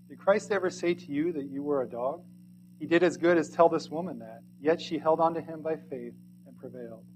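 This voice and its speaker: A man reading a sermon aloud in archaic English, earnest and pleading, swinging from loud to hushed. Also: a little high, a little fast, slight background noise, poor audio.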